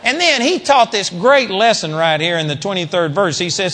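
High-voiced man preaching in a hall. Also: normal speed, fairly bright tone. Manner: conversational preaching with dramatic emphasis. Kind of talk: sermon.

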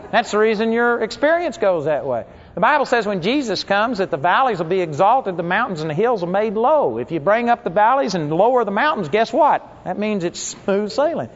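The sermon comes from a man who animates his stories by playing each person he mentions, shifting to higher voices for their words. Audio quality is lo-fi and dull.

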